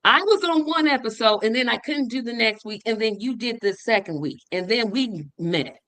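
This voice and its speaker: A woman host tells stories on a livestream, her voice sitting fairly high and swinging widely as she acts out what others said. The sound is dry and close, with little room in it. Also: normal speed, dry recording. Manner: animated storytelling, voice jumps high when quoting. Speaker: podcast host. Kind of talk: memorial livestream conversation. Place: online stream.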